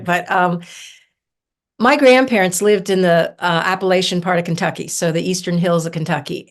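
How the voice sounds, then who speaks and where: A woman from southern Ohio, a guest on a podcast, telling stories in an animated, chatty way with many fillers. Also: on the low side. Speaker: herbalist guest. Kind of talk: casual storytelling interview.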